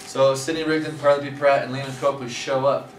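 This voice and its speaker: Fairly quick and with little pitch movement, this mid-range male voice belongs to a scripture teacher narrating history in a relaxed way, full of filler words. He's recorded from afar in a noisy, reverberant room.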